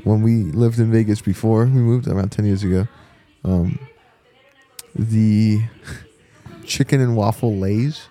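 A man's voice: on the low side, fairly even intonation, unhurried, warm tone. A young man, a podcast co-host, chatting casually in a laid-back way with lots of fillers. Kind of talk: casual chat.

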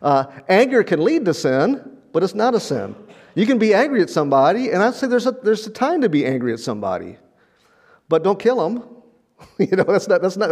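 An older male pastor preaches a sermon like he's telling a story in conversation, frequently repeating words and chuckling. His voice sits high and is a little mellow.

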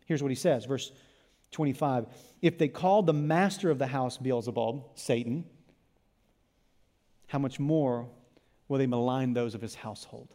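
A man preaching a sermon in church, impassioned, dropping to a hush and then rising to loud emphasis. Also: mid-range voice, measured pace, long pauses. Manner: impassioned, swings from hushed to loud. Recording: long reverb of a church hall.

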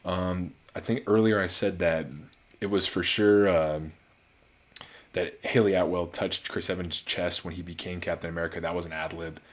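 Male film reviewer, very low voice, casual and rambling. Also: fairly even intonation, moderate pace. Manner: rambling, frequent restarts and fillers. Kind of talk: casual solo movie review.

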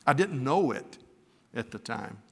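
A man's voice: medium pitch, expressive, unhurried, creaky, husky. Older man preaching in an echoing hall. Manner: emotional storytelling, swelling to fervent exhortation. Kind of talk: sermon. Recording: reverberant hall.

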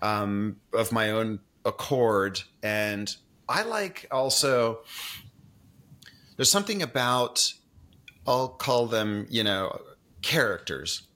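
Bright-voiced male podcast host. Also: fairly low pitch, animated, slow pace. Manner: chatty, thinks aloud with frequent restarts. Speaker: podcast host interviewing a guest. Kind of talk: casual interview conversation.

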